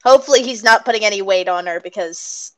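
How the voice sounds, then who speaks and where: A woman casually playing a tabletop game in a gentle, giggly way. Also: mid-range voice, quick pace, a crowd in the background, low-quality recording. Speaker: player.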